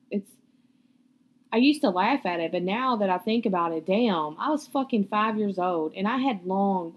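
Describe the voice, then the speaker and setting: A young woman, hosting a podcast and telling a personal story in a blunt, profane, candid way. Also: mid-range voice. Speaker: podcast host.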